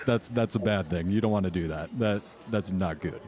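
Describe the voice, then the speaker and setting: A man narrating and running a tabletop horror game as game master, in a measured, descriptive way. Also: low voice, a little mellow.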